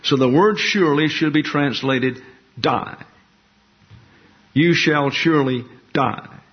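A man with a somewhat high voice teaches scripture in a measured, methodical way, dwelling on each word and repeating phrases to drive them home. The recording is dull and lo-fi. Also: slightly rough. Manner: slow, deliberate, explanatory delivery, repeating key words for emphasis. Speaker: Bible teacher. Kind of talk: expository Bible teaching.

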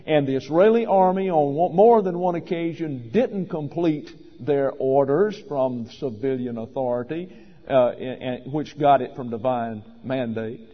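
Here a pastor with a medium-pitched voice speaks a little slowly through a sermon, emphatic and wry by turns. Now and then he corrects himself, and the lo-fi recording picks up the reverb of a large hall.

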